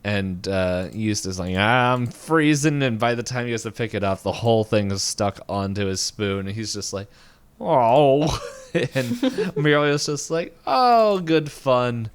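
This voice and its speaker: A man co-hosting a podcast, casually retelling a cartoon episode in a rambling way and acting out quick lines. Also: on the low side, smooth. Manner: rambling, animated retelling with quick voiced quotes. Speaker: podcast co-host. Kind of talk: casual recap chat.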